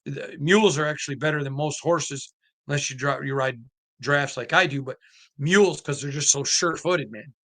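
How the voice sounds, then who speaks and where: A man's voice: on the high side, normal speed, fairly bright tone. A man hosting a sports podcast, talking emphatically and animatedly with lots of restarts and asides. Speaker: podcast host. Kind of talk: casual sports commentary.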